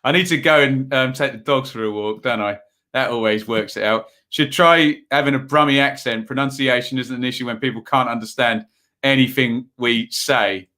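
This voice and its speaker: Here the Ipswich football streamer speaks at normal speed in a medium-pitched voice that's bright and forceful. His live commentary is casual and rambling, full of ums, as he chats with viewers, reads their comments aloud, and calls scores.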